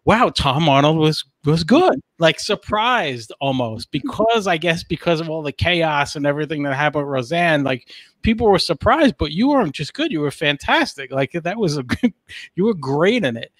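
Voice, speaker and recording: A man's voice: on the high side, very animated, normal speed, fairly bright tone, no echo. A man hosting a podcast, asking questions in an easygoing way with lots of "like" and "you know". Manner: easygoing, many "like" and "you know" fillers, laughs. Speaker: podcast host. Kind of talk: casual chat.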